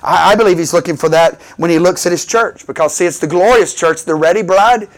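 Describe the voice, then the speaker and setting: A man's voice: sits high, brisk. A man preaching a sermon in call-and-response style, building to emphatic bursts.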